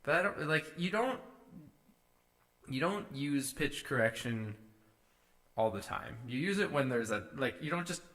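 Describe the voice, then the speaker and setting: A man's voice: mid-range voice, expressive, a little slow, long pauses, pushed and bright. A man casually talking through his vocal edits on a live stream, musing to himself as he works. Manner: musing to himself, sings short takes. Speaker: streamer producing music.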